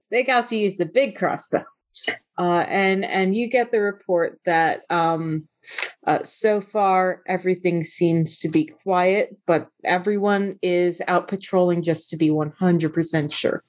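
A woman's voice: lowish voice, fairly even intonation, unhurried, a little mellow. A woman narrating a tabletop game as game master, talking hesitantly with many fillers and restarts.

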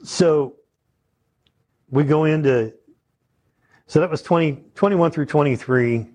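Husky-voiced man preaching slowly. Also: a little high, a little mellow. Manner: conversational teaching, asks the audience questions. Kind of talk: sermon.

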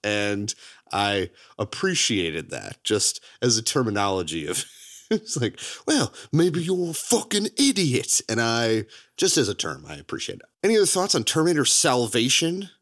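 A man co-hosting a podcast, chatting casually about movies, laughing often and jumping high in pitch for emphasis. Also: big pitch swings, moderate pace, a bit bright. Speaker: podcast co-host.

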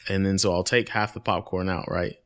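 Low-voiced man telling animated stories. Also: brisk. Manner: animated storyteller, acts out dialogue, swears freely. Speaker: podcast co-host. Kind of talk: casual chat.

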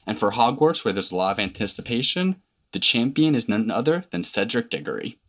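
A woman's voice: a bass voice, very animated, fairly quick. A woman co-hosting a casual book discussion podcast, summarizing the plot in a conversational way with asides. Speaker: podcast co-host.

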